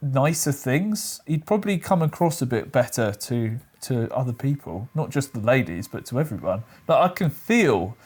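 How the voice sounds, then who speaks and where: A man's voice: medium pitch, big pitch swings, moderate pace, few pauses, darkish tone, breathy edge. A man hosting a reaction video, chatting casually with frequent "like" fillers and laughter.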